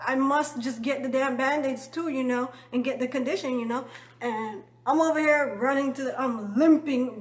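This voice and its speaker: A woman's voice: sits high, fairly bright tone. A woman casually telling a personal story to her viewers, rambling and tossing in constant tag questions. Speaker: vlogger.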